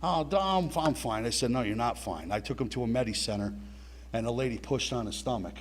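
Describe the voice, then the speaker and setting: A man's voice: mid-range voice, fast, slight background noise. A middle-aged man telling a blunt personal story at a recovery meeting, swearing and talking straight to his listeners.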